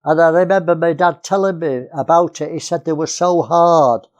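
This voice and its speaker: A man's voice: on the high side, normal speed, a little mellow, muffled recording. A man from England preaching a sermon, earnest, repeating key phrases and often restarting.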